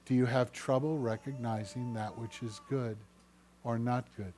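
A man preaching a sermon as pastor, swinging between loud, declaiming passages and hushed, low ones. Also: steady tone, normal speed, slight background noise.

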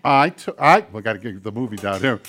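A man's voice: fairly low pitch, lively intonation, fairly quick, a bit bright. A man pastor reading scripture and then giving a playful, friendly children's sermon.

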